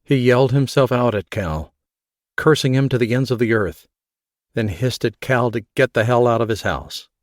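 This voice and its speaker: A man's voice: medium pitch, moderate pace, no echo, clean studio sound. Man reading an audiobook. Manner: reads the story, giving characters voices. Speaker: audiobook narrator. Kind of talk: scripted narration.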